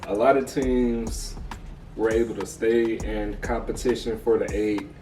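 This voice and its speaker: A laid-back American man chats casually through a sports recap in a slangy, easygoing way. His voice sits a bit low. He sounds set back from the mic in an echoey room, with faint music underneath. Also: steady tone, measured pace, recorded from a distance. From United States. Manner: laid-back, slangy, says "bro" often. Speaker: podcast co-host.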